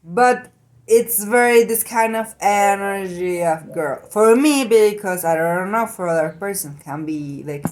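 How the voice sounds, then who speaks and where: Woman, very slow pace, halting casual monologue. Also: mid-range voice, darkish tone. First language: Spanish. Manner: halting, searching for English words.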